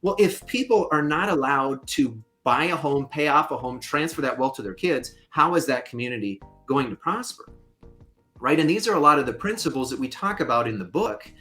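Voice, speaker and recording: A man speaking as a guest on a podcast interview, mid-pitched and emphatic. He explains his points with conversational force and throws in the odd joking aside. Soft music sits faintly under his voice. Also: animated, normal speed. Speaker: guest, fair lending consultant.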